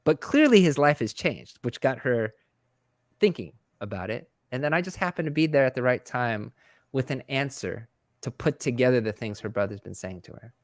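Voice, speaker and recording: A man speaking as a guest in a webinar, telling a story conversationally and jumping up in pitch when he acts out dialogue, with many fillers and restarts. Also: expressive, moderate pace, no echo, studio quality.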